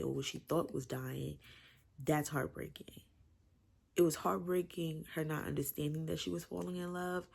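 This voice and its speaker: A woman's voice: sits low, gravelly, darkish tone. A woman giving a chatty, emotional book review, repeating herself as she gushes about the story. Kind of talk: casual book review vlog.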